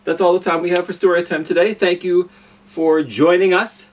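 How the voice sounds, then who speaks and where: A man's voice: high-pitched, steady tone, moderate pace, far from the mic. A man hosting a library storytime, giving a chatty, casual sign-off. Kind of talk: friendly sign-off.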